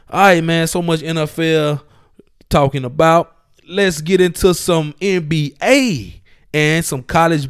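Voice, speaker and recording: A man's voice: a little high, dry recording, studio quality. A man hosting his own sports podcast, talking casually and with energy, using slang and speaking straight to his listeners. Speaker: podcast host.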